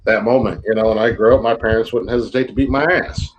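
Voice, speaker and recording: A man's voice: on the low side, fairly even intonation, fast talker, a little hiss or hum, rough recording. A man co-hosting a podcast in casual chat, talking loosely and profanely with many stops and restarts. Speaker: podcast co-host.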